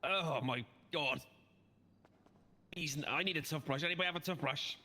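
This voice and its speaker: A man's voice: on the high side, normal speed, pushed and bright, big-room sound. A British man in casual roleplay banter, stubborn and playfully dry. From Britain. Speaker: roleplay player.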